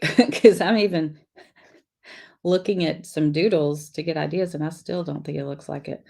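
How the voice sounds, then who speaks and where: A woman's voice: low voice, steady tone, normal speed, vocal fry, mellow. A middle-aged woman, hosting a live lettering class, chatting casually and reading viewer comments while she draws. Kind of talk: live-streamed craft lesson.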